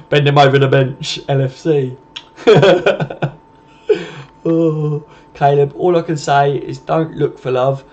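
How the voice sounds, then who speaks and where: Man, laddish live-stream host, chatty banter, mellow tone, slightly high voice, muffled lo-fi sound. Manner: laddish, chatty, swears, laughs often, reads out comments. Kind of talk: casual live-stream chat. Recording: dull lo-fi stream audio.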